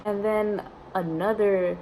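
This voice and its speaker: A young woman recounts what happened in a chatty, indignant story-time vlog. Her voice sits at an ordinary middle pitch, and she peppers her telling with "like" and "you know". A faint hiss lies under her talk. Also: steady tone, slow, warm tone, rough recording. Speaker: vlogger. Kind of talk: story time, casual retelling.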